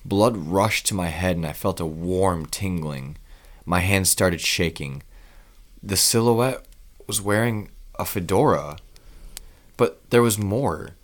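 Man with an extremely deep voice, steady grim first-person story narration. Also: slow.

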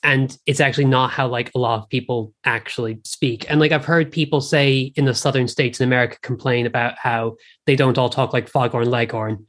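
A man's voice: mid-range voice, steady tone, a little fast, few pauses, a bit bright. A man from Ireland with an Irish accent, talking casually about films in a rambling way, often restarting his sentences. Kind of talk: casual film discussion.

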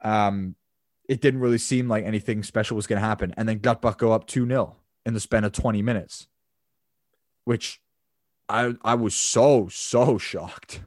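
A man's voice: lowish voice, steady tone, normal speed, no room sound, studio quality. A man co-hosting a casual football podcast, chatty and rambling, with frequent restarts. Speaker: podcast co-host.

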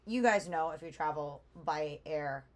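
A woman's voice: sits low, unhurried. A young woman co-hosting a casual chat, telling a long story with lots of fillers. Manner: chatty storyteller, animated with many fillers. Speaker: podcast co-host.

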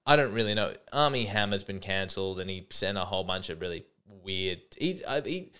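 A man's voice: fairly low pitch, a bit bright, clear, resonant tone. A man hosting a comedy podcast, speaking in a mock-earnest, rambling way with frequent restarts. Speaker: podcast host.

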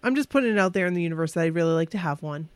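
A woman with a slightly low voice tells an excited, emotional story in a casual podcast chat. She keeps stumbling and restarting as she gets carried away. The sound is dry and close. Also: racing, no echo.

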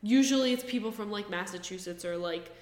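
A woman's voice: medium pitch, brisk, darkish tone. A young woman from New Jersey co-hosting a podcast in a playful, teasing casual chat. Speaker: podcast co-host. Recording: echoey room.

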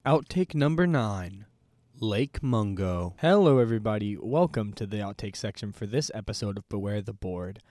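A man co-hosting a casual podcast, exclaiming in loud disgust and swearing freely. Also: on the low side, expressive, normal speed, no echo. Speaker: podcast co-host. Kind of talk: casual chat.

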